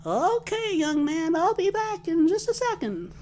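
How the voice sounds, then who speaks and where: Guy doing a squeaky dithering old lady shopper, slow and wobbly. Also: big pitch swings, a little mellow, exaggerated voice. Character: fussy elderly woman shopper, indecisive.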